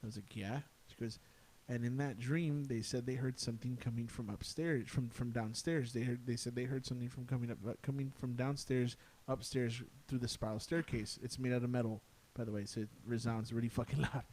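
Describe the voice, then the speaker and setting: Podcast guest, young man, mid-pitched, rambling ghost story full of swearing and filler words. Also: fairly even intonation, brisk, hardly any pauses, a little mellow. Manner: profane, peppered with "dude" and "like". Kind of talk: casual ghost-story telling.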